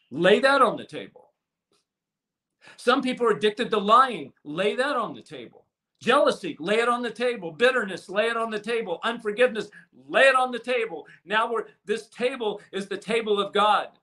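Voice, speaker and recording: A man preaching a sermon with passion, swinging from loud to hushed and repeating words as he restarts phrases. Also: high-pitched, animated, moderate pace. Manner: impassioned preaching with sudden swings from loud to soft. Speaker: pastor.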